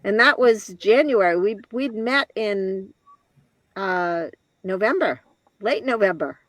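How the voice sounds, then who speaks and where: A woman in her later years, appearing as an interview guest, tells a personal story in a reflective, halting way, with restarts and soft laughs. Her voice is medium-pitched and animated, with no echo.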